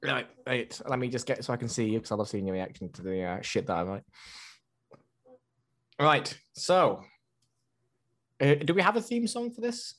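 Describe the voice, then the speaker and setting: A man's voice: medium pitch, sing-song, moderate pace, long pauses, fairly bright tone. A young man co-hosting a podcast, giggling and swearing as he chats. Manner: giggly, swears, directs the skit. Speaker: podcast co-host. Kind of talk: casual chat.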